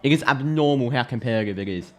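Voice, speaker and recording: An Australian man giving a chatty, excitable live reaction to a football match, thinking aloud and restarting his sentences. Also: mid-range voice, quick pace. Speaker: football streamer.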